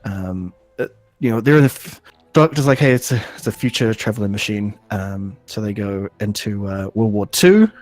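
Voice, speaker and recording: Rambling low-voiced podcast host. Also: male voice, animated, a little mellow. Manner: rambling, halting, full of ums and restarts, laughs often. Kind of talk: casual podcast recap.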